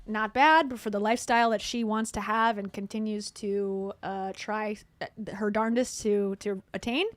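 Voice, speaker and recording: A millennial woman from the Midwest giving sarcastic commentary, reading posts aloud with deadpan asides. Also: mid-range voice, moderate pace, no echo. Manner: snarky, deadpan asides with sudden laughs. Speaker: commentary streamer.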